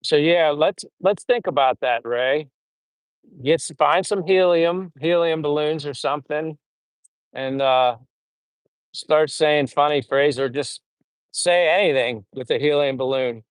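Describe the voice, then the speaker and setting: A middle-aged man chats on his live stream, reading viewers' comments aloud and wandering off into old stories. His voice sits a bit high for a man. The sound is dry and close, with no room around it. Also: measured pace, clean tone, no room sound, low-quality recording. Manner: rambling, laughing at old stories. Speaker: vlogger reading live chat. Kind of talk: casual live stream chat. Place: home in the Philippines.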